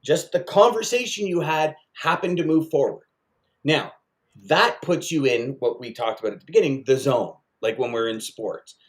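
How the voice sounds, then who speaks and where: A man's voice: medium pitch, normal speed. A man co-hosting a casual sales podcast, talking with energy and repeating points for emphasis. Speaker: podcast co-host.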